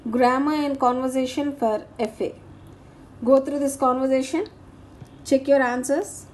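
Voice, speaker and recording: A woman teacher, slowly reading out grammar exercise answers and punctuation marks. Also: high-pitched, fairly even intonation, darkish tone, a little hiss or hum. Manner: slow, deliberate dictation of answers and punctuation.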